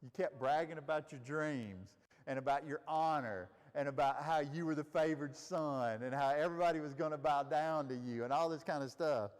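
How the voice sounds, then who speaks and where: A man with a slightly high voice leads a Bible study at normal speed in a large hall. He teaches casually and conversationally, putting questions to the group of listeners in the room.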